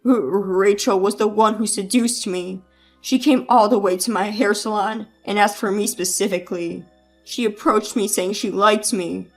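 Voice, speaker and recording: A woman's voice: medium pitch, moderate pace, faint music behind, pitched below the performer's own voice, natural voice. A woman voicing a cowardly cheating man who whines and blames others. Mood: whiny. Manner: whiny, blaming.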